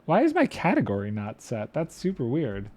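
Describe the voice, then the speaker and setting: A man's voice: medium pitch, wildly swooping pitch, normal speed, a little mellow. A man streaming a building game, chatting playfully and thinking aloud while reading chat. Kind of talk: casual gameplay commentary.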